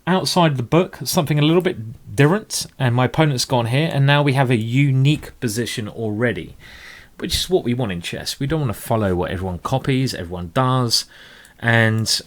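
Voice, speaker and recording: A man's voice: mid-range voice, animated, fairly quick. A man commentating live blitz chess games, rambling and emotional with tipsy asides. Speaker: chess streamer.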